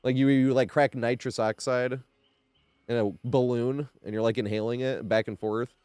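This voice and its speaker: A man's voice: mid-range voice, steady tone, moderate pace, darkish tone, clean tone, no room sound. A young man streaming a game, telling rambling stories in casual chat, laughing often and swearing freely. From New York area.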